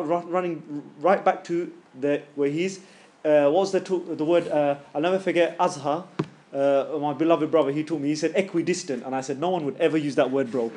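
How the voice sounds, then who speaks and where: A man teaching a tajweed class in a casual, joking way, stretching out sounds slowly and loudly to demonstrate them. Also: fairly high pitch.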